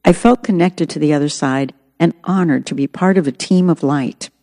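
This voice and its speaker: Mellow woman narrating a memoir. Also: low-pitched, normal speed, big-room sound.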